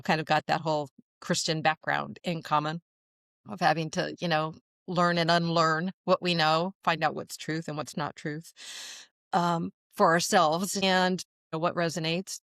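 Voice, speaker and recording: Chatty woman in her sixties, smooth voice. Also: low voice, fairly bright tone, no room sound, studio quality. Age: 60s. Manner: chatty, laughs often, many fillers. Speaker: guest channeler. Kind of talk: storytelling in a podcast interview.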